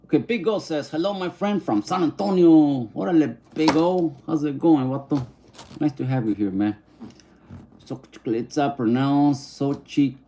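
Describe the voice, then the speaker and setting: A man's voice: fairly high pitch, warm tone, slight background noise. A man chatting casually on a livestream, reading viewer comments and mixing English and Spanish slang. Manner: easygoing, mixes English and Spanish slang, sounds out names slowly.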